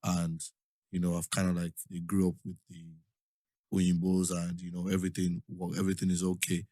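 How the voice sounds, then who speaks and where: A man's voice: low-pitched, completely flat delivery, fairly quick, mellow, no echo, clean studio sound. A man with a Nigerian accent hosting a podcast, talking earnestly and often asking "do you understand?". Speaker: podcast host. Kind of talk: casual chat.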